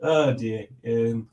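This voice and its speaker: A man hosting a live stream, chatting casually, rambling and joking as he reads out viewer comments. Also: mid-range voice. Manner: rambling, jokey, reads chat aloud.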